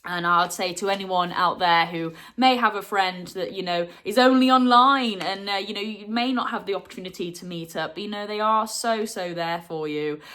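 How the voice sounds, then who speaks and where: A young adult woman hosting a retro gaming vlog, talking to viewers in a heartfelt, chatty way, full of fillers and quick laughs. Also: mid-range voice, a bit bright. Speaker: retro gaming channel host. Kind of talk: casual vlog chat to viewers.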